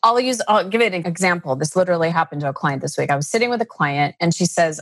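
A woman's voice: lowish voice, expressive, quick pace, hardly any pauses, no room sound. A woman coach answering interview questions, telling stories about clients and acting out their dialogue. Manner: storytelling, acts out client dialogue.

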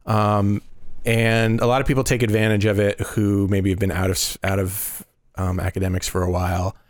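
A man hosting a casual podcast chat, halting and full of fillers. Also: fairly low pitch, little pitch movement, no room sound, clean studio sound. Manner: hesitant, many fillers and restarts. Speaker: podcast host.

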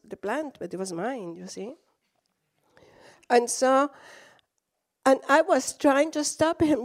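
Latina woman preaching, high voice, slow deliberate delivery, acts out the story. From Latin America. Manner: animated storytelling, acts out quotes, laughs often. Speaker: guest preacher. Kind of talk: sermon with storytelling.

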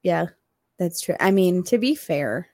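A woman co-hosting a casual podcast chat, chatty and quick to laugh, swearing casually as she tells stories. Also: on the low side, animated, warm tone, dry recording, studio quality.

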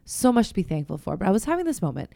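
A middle-aged woman hosting a faith podcast, talking candidly and chattily and sometimes dropping to a hushed voice. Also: medium pitch, big pitch swings, very fast, creaky, no echo. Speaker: podcast host. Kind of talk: faith-based casual chat.

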